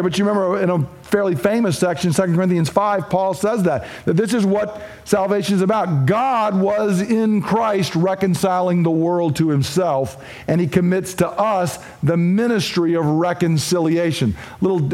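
A man's voice: high voice, a little mellow. A man preaching an expository sermon, speaking emphatically and repeating his points for stress. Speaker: pastor.

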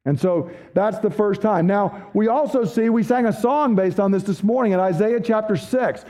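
A man preaching a sermon as a pastor, emphatic, dropping low and slow when he quotes scripture. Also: warm tone.

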